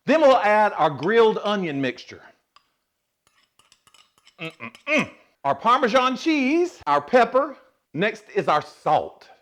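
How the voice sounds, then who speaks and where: High-voiced drag queen host. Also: very animated, slow, long pauses, a bit bright. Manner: sassy, salty storytelling with laughs. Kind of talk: comedic cooking demo with joke stories. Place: kitchen.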